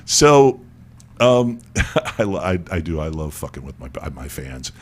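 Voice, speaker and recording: A man's voice: a bass voice, very animated, a little slow. Stammering, joking male radio host. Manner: joking, stammering, repeats words, laughs often. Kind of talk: casual chat on an internet radio show. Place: studio.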